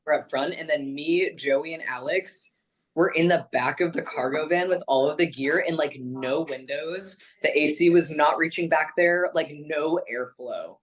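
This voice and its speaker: Male guest, slightly high voice, casual interjections. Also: moderate pace, a bit bright, low-quality recording. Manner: chimes in with short additions. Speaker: touring band member, podcast guest. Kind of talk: casual chat, chiming in.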